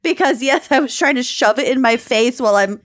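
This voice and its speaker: Giggly high-voiced woman podcast host. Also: fairly quick. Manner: giggly, laughs often. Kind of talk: casual chat.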